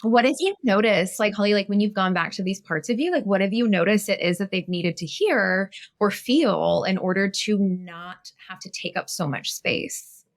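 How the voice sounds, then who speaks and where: A woman therapist appearing as a guest, speaking in a warm, affirming and animated way. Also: mid-range voice, normal speed. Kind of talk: casual conversation.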